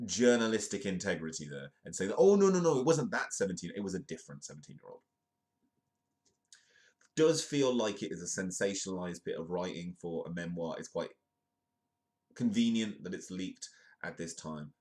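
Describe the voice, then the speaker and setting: A deep-voiced man hosting a comedic news show, his voice worn down by illness. He reads stories aloud and breaks off into rambling, wry, self-deprecating asides in a loose, casual delivery. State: ill, voice affected. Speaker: host of a comedic news livestream.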